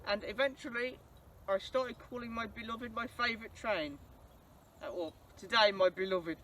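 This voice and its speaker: A young man, speaking in a very high, bright voice. He chats enthusiastically and laughs often. The mic sits some distance away, with a faint hum of noise behind him. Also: normal speed. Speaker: channel host answering viewer questions. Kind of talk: casual Q&A monologue.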